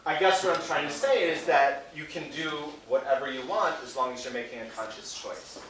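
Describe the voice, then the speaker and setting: Medium-pitched, a bit bright, and a little fast, a man teaches Shakespeare playfully in a classroom, repeatedly asking "right?" at the ends of phrases. His voice comes from a distance in an echoey space, with faint hiss or hum.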